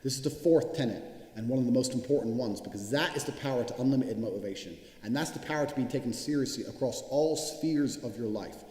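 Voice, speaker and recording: A man's voice: mid-range voice, fast, mellow. A man giving a blunt, profane motivational monologue with heavy emphasis. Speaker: motivational speaker. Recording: echoey, reverberant room sound.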